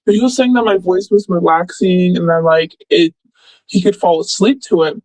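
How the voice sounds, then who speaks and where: A woman's voice: lowish voice, moderate pace, darkish tone, dry recording, rough recording. A young woman telling a story casually, rambling and filling with "like" and "blah, blah.". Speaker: former friend recounting events.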